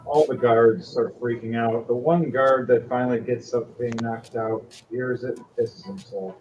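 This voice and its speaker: A man's voice: mid-range voice, a little slow, highs cut off, faint music behind. A man narrating a tabletop game as its game master, telling the story with energy. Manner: animated storytelling.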